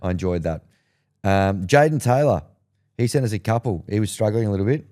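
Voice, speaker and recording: A man's voice: on the low side, animated, fairly quick, mellow. A man with an Australian accent hosting a casual sports podcast, upbeat and reassuring as he introduces voice notes from listeners. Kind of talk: casual chat.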